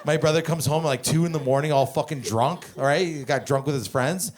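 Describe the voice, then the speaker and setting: A man in his twenties from Canada doing stand-up, telling family stories in a profane, animated, rambling way. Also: a little high, a little fast, a faint crowd. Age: 20s. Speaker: stand-up comedian. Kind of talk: stand-up comedy storytelling.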